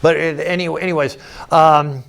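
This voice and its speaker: A man's voice: a little high, fairly even intonation, normal speed, creaky, a bit bright, clear, resonant tone. A man giving an informal, rambling lecture over slides as a political commentator, often restarting his sentences and adding wry asides. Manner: rambling, digressive, with frequent restarts.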